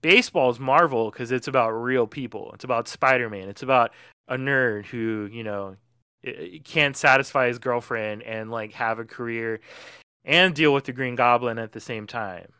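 A man's voice: medium pitch, normal speed, sharp tone, clean tone, no echo, studio quality. A man in casual podcast chat, chatty and full of fillers. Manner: chatty, filler-heavy, pop-culture comparisons. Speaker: podcast panelist.

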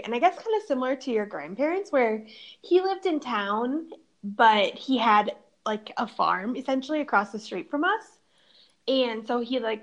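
A woman's voice: a little high, gravelly, a bit bright. Giggly young woman telling a story. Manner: giggly, chatty storytelling with many "like"s. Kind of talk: casual podcast chat.

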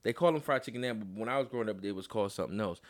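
A man's voice: on the low side, rapid-fire. A man co-hosting a casual podcast chat, talking emphatically with lots of slang, profanity and insistent restarts. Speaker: podcast co-host.

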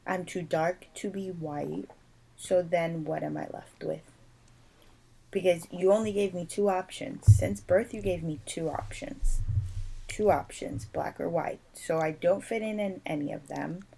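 A young woman from Puerto Rico talking in a casual podcast chat, animated and emphatic, acting out the people she quotes. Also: fairly low pitch, a little slow, gravelly, slight background noise, low-quality recording.

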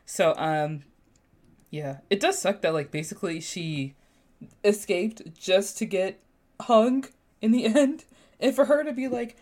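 A woman with a mid-range voice hosts a casual podcast chat. She talks with sass, and her pitch leaps high whenever she exclaims. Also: unhurried. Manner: animated, sassy, jumps high when exclaiming. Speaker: podcast host.

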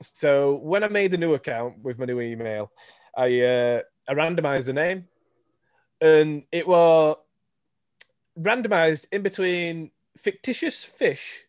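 A man with a Yorkshire accent, animated and laughing as he chats about streaming. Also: fairly high pitch, a little slow, dry recording, studio quality. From Yorkshire, England. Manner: animated, repeats words, laughs while talking. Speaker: streamer, podcast guest. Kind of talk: casual chat.

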